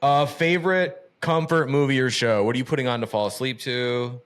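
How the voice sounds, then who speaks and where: A man's voice: mid-range voice, fairly even intonation, fairly bright tone, smooth. Man, podcast host, casual, profane, enthusiastic. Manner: profane, hyped, rapid-fire questions. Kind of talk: casual podcast interview and outro.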